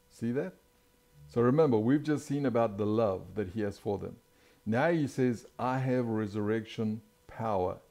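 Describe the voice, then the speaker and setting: A man preaching a sermon, walking through scripture verse by verse, slowing down and swelling his voice on quoted lines and checking in with "right?". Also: mid-range voice, warm tone. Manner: expounds scripture verse by verse, frequent "right?" and "watch this".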